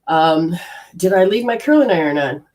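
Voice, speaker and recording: Animated storytelling woman, lower voice. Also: moderate pace. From Australia. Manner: animated, acts out her own inner voices with big pitch jumps. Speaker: energy healing teacher. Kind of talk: casual personal storytelling.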